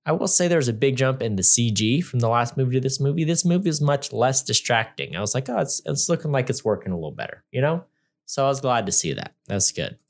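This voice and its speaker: A man's voice: medium pitch, expressive, fairly quick. A man co-hosting a podcast, reviewing a movie in casual chat with a sarcastic, rambling manner.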